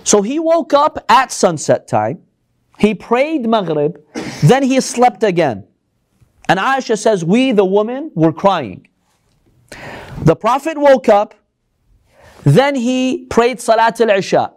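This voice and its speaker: Male religious lecturer, high voice, very lively pitch, rhetorical questions, teaching a live audience. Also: slow pace, long pauses.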